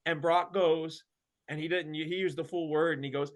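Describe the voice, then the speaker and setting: A male wrestler telling a story in a casual interview, animated and full of fillers and slang. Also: a little high, normal speed. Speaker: wrestler guest.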